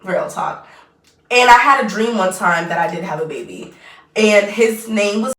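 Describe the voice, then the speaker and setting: A young woman in her twenties chatting casually while doing her makeup, rambling and trailing off mid-sentence. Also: mid-range voice. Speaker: vlogger. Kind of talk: casual get-ready-with-me chat. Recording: roomy echo, mic at a distance.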